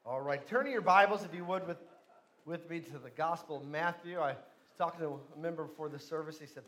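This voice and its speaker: A man preaching a sermon as pastor in a church, telling stories and acting out voices, building to loud emphasis. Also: on the high side, quick pace. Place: church sanctuary.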